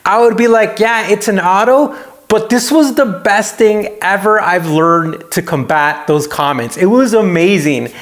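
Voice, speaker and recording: A man with a fairly high voice speaks casually to his audience as a YouTuber. He tells his stories in a lively way and briefly mimics the people he meets. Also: unhurried, hardly any pauses. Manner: animated storytelling, acts out quoted people. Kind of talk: casual talking-head vlog.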